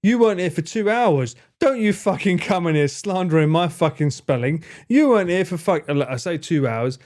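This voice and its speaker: A man's voice: fairly high pitch, expressive, moderate pace, a little mellow. A young man livestreaming, casually bantering with his chat in a playful, sweary, teasing way. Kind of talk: casual chat with live stream viewers.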